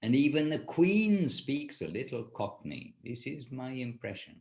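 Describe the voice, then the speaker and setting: A man's voice: medium pitch, very animated, a little slow, gravelly, darkish tone. A man teaching an informal class, talking in a rambling way and often correcting himself. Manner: rambling, self-correcting, with restarts. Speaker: spiritual teacher leading a class.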